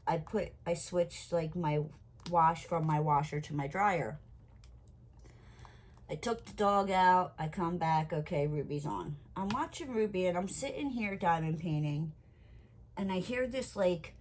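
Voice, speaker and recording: Lively swearing woman telling a story. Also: lowish voice. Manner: animated, swears freely, quotes herself loudly. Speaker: crafting vlogger. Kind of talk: casual storytelling chat.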